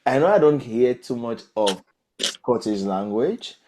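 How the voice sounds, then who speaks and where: A man hosting a podcast and interviewing children, often pausing and repeating his questions in new words. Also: mid-range voice, expressive, noisy background. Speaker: podcast host.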